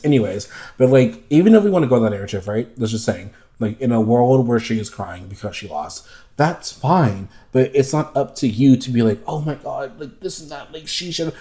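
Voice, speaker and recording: A man hosts a casual podcast, ranting emphatically and swearing freely. He slips into campy, mocking impressions to make his point. His voice has a mellow, warm color. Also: medium pitch. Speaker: podcast host. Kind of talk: casual chat.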